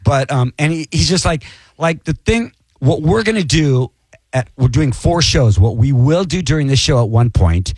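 A man's voice: on the high side, animated, moderate pace, a little mellow, breathy edge, no echo. A man in casual chat, rambling and joking about himself while he talks about an upcoming show. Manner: rambling, self-deprecating joking. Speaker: touring comedian guest.

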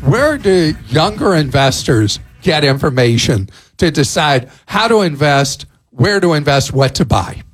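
A man with a fairly high, lively voice talks listeners through money matters. He gives plain-spoken advice in a radio consumer segment. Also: unhurried, soft background music. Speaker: consumer expert.

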